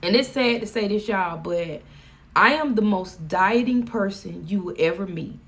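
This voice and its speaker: On a live stream, a woman with a Southern US accent chats casually in a folksy, joking way. Her voice sits in the mid range and moves at a moderate pace.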